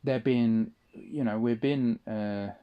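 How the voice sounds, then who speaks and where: A man's voice: on the low side, steady tone, takes it slowly, smooth, lo-fi sound. A man in a casual spoken monologue, rambling and swearing often, with frequent restarts. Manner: rambling, profane, restarts a lot. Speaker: audio diarist.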